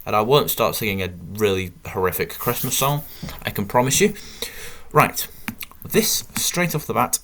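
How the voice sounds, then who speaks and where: Chatty British man with a lively voice. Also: on the low side, moderate pace, slight background noise. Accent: British English. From Britain. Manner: chatty, rambling, self-mocking, jokey asides. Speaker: gaming channel host. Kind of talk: casual gameplay commentary.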